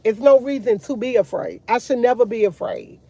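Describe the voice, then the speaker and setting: A woman's voice: on the high side, fairly quick, mellow, dry recording. Woman vlogger, casual rambling faith chat, dry close recording. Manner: rambling, restarts often, talks to viewers as y'all.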